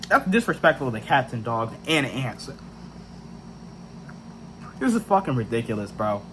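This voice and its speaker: A man's voice: medium pitch, very animated, a little slow, noisy background. A young man ranting in a frustrated, profane monologue full of slang and restarts. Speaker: vlogger.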